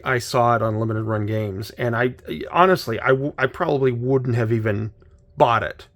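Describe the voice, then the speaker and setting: Rambling, slightly hoarse man unboxing games. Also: medium pitch, a bit bright. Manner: rambling, hesitant, full of restarts. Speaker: channel host. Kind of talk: casual unboxing chat.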